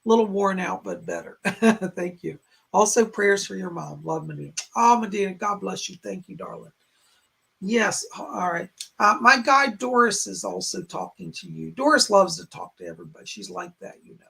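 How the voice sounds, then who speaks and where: A man hosting a psychic live stream in a raspy, strained voice, relaying spirit messages in short, halting phrases. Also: high voice, pushed and bright. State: strained, hoarse voice. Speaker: psychic medium host. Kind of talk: live-stream chat and readings. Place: home in a rural area.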